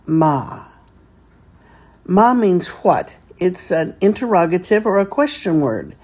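A woman's voice: fairly low pitch, big pitch swings, measured pace, darkish tone. A woman teaching a beginners' Hebrew reading lesson, patiently sounding out each syllable step by step.

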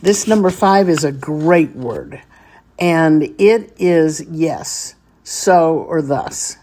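Speaking expressively in a low, mellow voice, a Hebrew teacher walks through vocabulary slowly and patiently. She spells each word in segments and says it again for the listener to repeat.

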